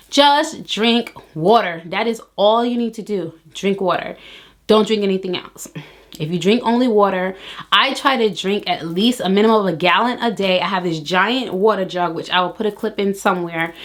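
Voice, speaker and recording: A young adult woman vlogger giving weight loss tips in casual chat to camera, sassy and animated, teasing her viewers with slang. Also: a little high.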